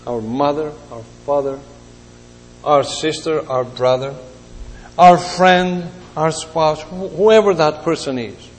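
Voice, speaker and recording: A man preaching a sermon as a pastor, telling stories slowly and with feeling, pausing between phrases. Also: on the high side. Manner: slow, emotional storytelling with pauses. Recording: long hall reverb, faint hum.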